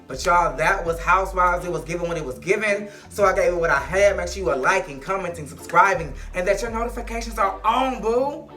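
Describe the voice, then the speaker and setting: A man giving a casual, sassy recap of a reality show on his vlog, animated and outspoken. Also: high voice, a little fast, hardly any pauses, soft background music. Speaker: vlogger, reality TV commentator.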